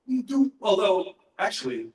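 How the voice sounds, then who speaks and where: A middle-aged man, a voice actor, answering fan questions in a relaxed, anecdotal way at a convention panel. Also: high voice. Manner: relaxed, anecdotal, pauses to gather his thoughts. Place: large convention panel room. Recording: echoey hall, voice heard from far off.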